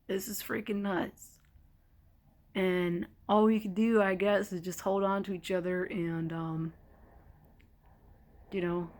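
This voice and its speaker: Young woman rambling to camera, fed up but laughing it off, big sighs. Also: medium pitch. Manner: candid, exasperated, swings between laughing and heavy sighs. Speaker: vlogger. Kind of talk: casual vlog monologue. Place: temporary hotel stay during a winter storm.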